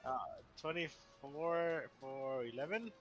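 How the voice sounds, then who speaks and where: A man's voice: on the high side, takes it slowly, dull audio, faint music behind. A man playing in a tabletop game, announcing his attacks and turns matter-of-factly. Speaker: player.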